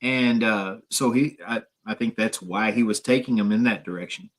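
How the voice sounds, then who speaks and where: A man's voice: on the low side, normal speed. A man with a Midwestern American accent chatting casually as a guest on a paranormal radio show, rambling with lots of fillers and restarts.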